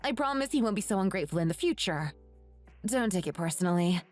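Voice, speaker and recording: A woman's voice: medium pitch, lively intonation, fast talker, a little mellow, no room sound, soft background music, close to an everyday voice. A woman voicing a young wife who scolds her husband reproachfully.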